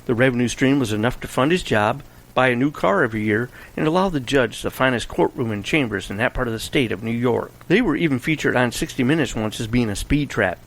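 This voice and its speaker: A man narrating a storybook in a steady, wry manner. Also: medium pitch, fast, gravelly, low-quality recording.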